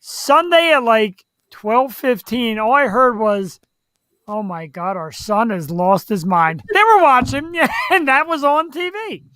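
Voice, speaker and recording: A man's voice: very high-pitched, unhurried, clean tone, dry recording. A man hosting a talk show, telling stories and acting out tough-guy voices. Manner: animated storyteller who acts out tough-guy voices. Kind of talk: casual chat, storytelling.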